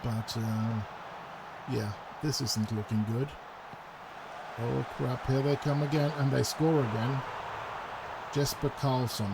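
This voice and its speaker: In this casual let's-play, a gaming YouTuber chats his way through a football management game, hesitant but talkative, perking up at chances and getting excited at goals. He has a creaky, mid-range voice, a slow pace, and frequent pauses against a noisy background.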